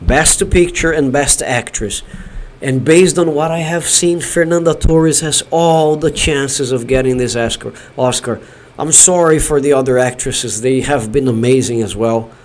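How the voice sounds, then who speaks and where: A man from Brazil hosting a live watch-party stream from his home studio, shouting elated cheers between chatty remarks. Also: mid-range voice, a little slow. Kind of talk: excited live-stream chat.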